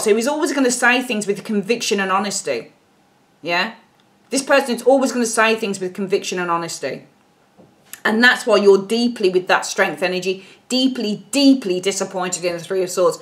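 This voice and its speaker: A woman giving a casual tarot reading, blunt and animated, and she swears freely. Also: medium pitch. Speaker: tarot reader.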